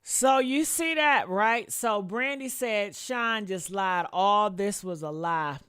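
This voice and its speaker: A woman's voice: medium pitch, takes it slowly, a bit bright, clear, resonant tone. A woman hosting a celebrity gossip channel, talking in a sassy, blunt, scolding way.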